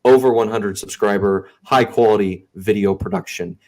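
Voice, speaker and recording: A man with a fairly low voice talks as a guest on a video call. He is chatty and animated, keeps talking over the host and laughs loudly. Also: normal speed. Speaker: guest author. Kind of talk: casual interview chat.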